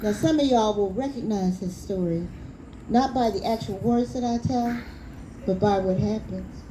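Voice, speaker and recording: A woman's voice: medium pitch, moderate pace, over music, rough recording. A woman telling a story live, speaking conversationally and addressing the audience directly. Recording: live recording with audible background noise.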